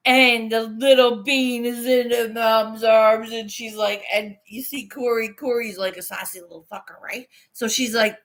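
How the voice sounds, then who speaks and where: A woman's voice: on the high side, fairly even intonation, normal speed, hardly any pauses. A woman in her thirties, chatting casually on a home livestream, swearing and laughing often as she answers her viewers. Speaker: livestream host. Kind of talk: casual livestream chat reading comments.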